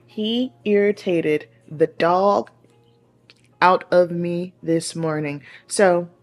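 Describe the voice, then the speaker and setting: Sassy, animated woman vlogger in her thirties. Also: fairly low pitch. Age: 30s. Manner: animated, sassy, slangy, rising to exasperated outbursts. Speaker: beauty vlogger. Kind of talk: casual chatty storytelling.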